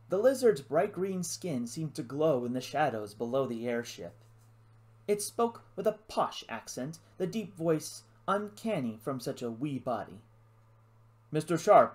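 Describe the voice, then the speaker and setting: An audiobook narrator reading an adventure novel aloud in an expressive storytelling manner. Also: mid-range voice. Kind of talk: scripted narration.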